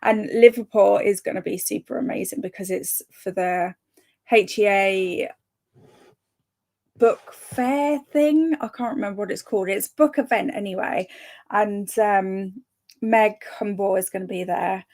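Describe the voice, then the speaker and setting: A young woman chats on her live reading stream in a bubbly, easygoing way. She reads viewers' comments aloud, laughs often and stumbles over a word here and there. Her pitch sits mid-range. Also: a little slow, darkish tone. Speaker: livestream host of reading sprints.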